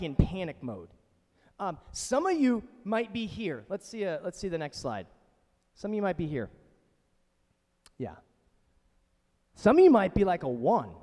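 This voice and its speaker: A male pastor in his thirties delivers a conversational sermon with a high, bright-pitched voice that swings widely up and down. He talks casually with chatty asides, and his voice rings out with a long reverb in a church hall. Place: church sanctuary.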